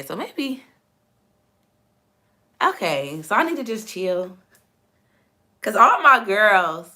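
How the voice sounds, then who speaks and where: A young woman hosting a casual live chat with her viewers, animated and laughing often, her voice slightly hoarse. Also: on the low side, slow pace, long pauses. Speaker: live stream host and coach.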